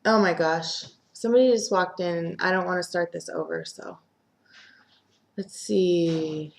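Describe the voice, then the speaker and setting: Chatty young woman with a lowish voice. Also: steady tone, unhurried, gravelly. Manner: chatty, filler-heavy, acts out quotes. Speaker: host. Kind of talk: casual soap opera recap chat.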